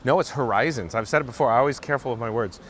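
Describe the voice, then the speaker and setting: A man's voice: mid-range voice, racing, fairly bright tone. Man, live-stream host, casual chat, emphatic asides, outdoor walk, faint background noise. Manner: chatty, repeats viewer names, emphatic asides. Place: outdoors in a theme park.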